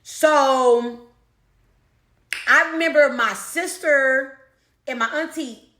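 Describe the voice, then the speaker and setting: Woman storyteller, animated and chatty, addresses the viewer; bright tone, echoey room. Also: sits high, takes it slowly. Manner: animated, repeats herself, talks to the audience. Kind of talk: casual storytelling to camera.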